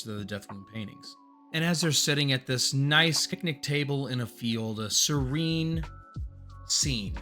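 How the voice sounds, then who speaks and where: A man retells a story in a relaxed, rambling commentary style and lifts his voice when the moments get big. His tone is bright and forward. A faint music bed plays under him. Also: medium pitch. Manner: earnest, rambling, gets excited and louder at big moments. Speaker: manga recap host. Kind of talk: casual story recap commentary.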